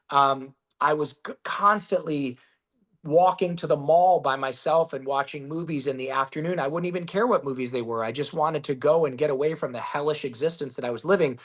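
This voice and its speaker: A man being interviewed as a guest, telling stories in a lively, casual way, acting out quotes and swearing freely. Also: on the high side, normal speed. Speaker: guest, business founder. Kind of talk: storytelling in a podcast interview.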